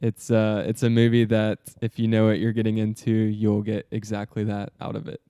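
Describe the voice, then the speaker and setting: A man with a low, mellow voice offers short, measured remarks on a casual movie podcast. His tone is smooth and even. The sound is dry and close. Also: dry recording. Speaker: podcast co-host.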